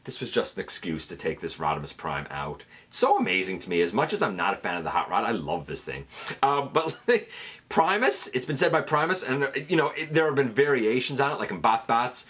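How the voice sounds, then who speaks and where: A man's voice: mid-range voice, big pitch swings, a little fast, fairly bright tone, breathy edge. A man hosting a countdown video, talking casually and enthusiastically to camera with fillers and restarts. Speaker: host counting down a top ten list. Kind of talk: casual fan commentary to camera.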